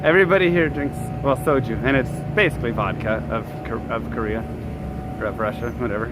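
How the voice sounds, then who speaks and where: A man with a mid-range voice talks fairly quickly while livestreaming on a city street outdoors, chatting casually and answering his chat as he walks. Street noise is audible behind him.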